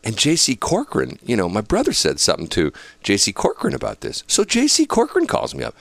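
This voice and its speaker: Man, gravelly low voice, lively swings in pitch, casual storytelling, dry close sound. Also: fast talker, dry recording. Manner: animated, laughs through his stories, acts out other people's lines.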